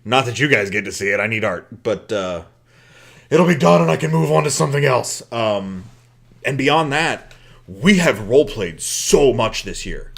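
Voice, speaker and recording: A man's voice: medium pitch, animated, moderate pace, gravelly. A man co-hosting a podcast in casual chat, joking and laughing often. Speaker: podcast co-host.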